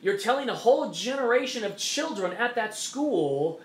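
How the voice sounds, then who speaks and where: A man's voice: extremely high pitch, expressive, moderate pace. A man hosting an opinion monologue, talking emphatically and repeating his points. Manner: emphatic, repetitive, mocking quoted voices. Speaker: host. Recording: echoey room.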